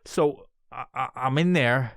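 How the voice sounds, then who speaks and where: A podcast host in his thirties tells a meandering, foul-mouthed story in a casual way, switching to loud, squeaky voices whenever he quotes someone. He speaks unhurriedly, and the studio-quality recording has no room sound.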